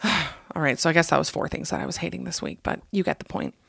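A woman hosting a podcast, chatting casually and reading listener stories aloud with animated laughter. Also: low voice, fast, gravelly, breathy edge, no room sound, clean studio sound. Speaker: podcast host.

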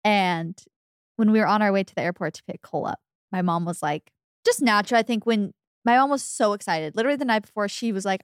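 A woman's voice: medium pitch, fast talker, clear, resonant tone, no echo, studio quality. A young woman co-hosting a podcast, chatting casually and acting out her mom's lines as she tells stories. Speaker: podcast co-host. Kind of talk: casual chat.

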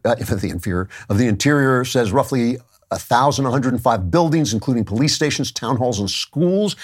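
Man, podcast host, political commentary, emphatic, conversational, self-correcting asides. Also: medium pitch.

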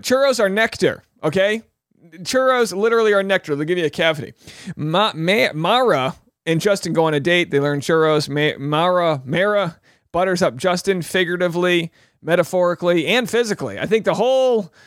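Joking man with a bright voice. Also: sits high, no echo, studio quality. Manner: jokey, rambling, does quick mock voices for quotes. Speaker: podcast host recapping a reality show. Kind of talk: comedic show recap.

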